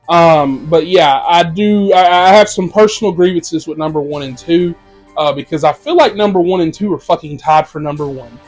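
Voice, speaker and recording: Young male reviewer, high-pitched, swears constantly, animated rant over faint music. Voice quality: profane, animated ranting. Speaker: movie reviewer. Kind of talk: casual ranked movie review.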